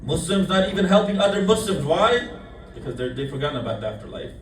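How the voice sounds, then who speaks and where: Male preacher, fairly high voice, echoey room from some distance, repeats lines, swings loud and hushed. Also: sing-song, fast talker, slight background noise. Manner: repeats key lines for emphasis, shifts between loud and hushed. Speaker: speaker at a Muharram majlis. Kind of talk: sermon. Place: mosque hall.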